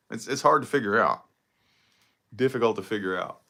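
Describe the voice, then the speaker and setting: A man's voice: mid-range voice, fast talker, sharp tone. A man talking casually to camera in a solo vlog, rambling and swearing freely as he picks apart his own habits. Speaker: vlogger.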